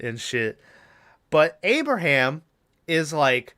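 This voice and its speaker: With an expressive, medium-pitched voice that is sharp, clear, and resonant, this male podcast co-host keeps a measured pace. His casual movie recap wanders, packed with filler words and profanity.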